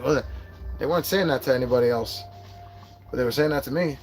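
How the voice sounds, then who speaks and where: A man's voice: medium pitch, quick pace, faint music behind. A man in his forties, hosting a casual livestream and telling a rambling, profane story. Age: 40s. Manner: profane, rambling storytelling with put-on quoted voices. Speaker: livestream host.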